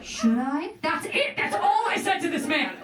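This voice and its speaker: A young woman performing a stand-up comedy set in a club, with a deadpan delivery and playful asides. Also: very high-pitched, moderate pace, crowd noise. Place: comedy club stage with live audience. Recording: roomy club sound heard from a distance. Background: audience laughing.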